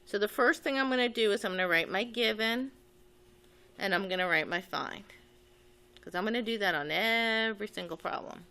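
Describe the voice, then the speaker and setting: This physics lesson comes from a woman with a clean, pushed, bright voice at medium pitch and normal speed. Writing and drawing as she goes, she thinks aloud and methodically works through the problem one step at a time.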